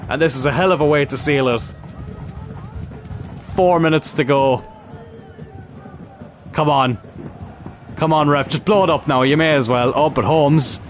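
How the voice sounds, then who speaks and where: A man commentating his own football management game, cheering and shouting when goals go in. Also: a little high, measured pace, long pauses, soft background music. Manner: excitable, shouts at goals, laughs. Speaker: gaming YouTuber.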